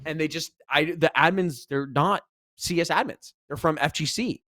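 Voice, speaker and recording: A man co-hosting a casual podcast, telling a story with animation, rising loud when exasperated and swearing freely. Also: a little high, normal speed, no room sound, clean studio sound. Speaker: podcast co-host, esports commentator.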